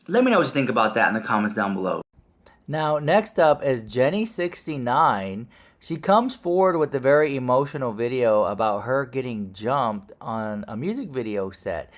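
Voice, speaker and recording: A man's voice: medium pitch, a bit bright. A man hosting an online gossip news commentary show, exclaiming and reacting before setting up the next story.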